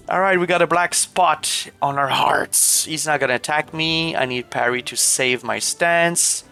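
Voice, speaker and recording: A man's voice: fairly high pitch, unhurried, gravelly, hardly any pauses, sharp tone. A young man with a Quebec French accent, a native French speaker, chatting casually while streaming a game. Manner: chatty, laughs often, shifts into playful French voices.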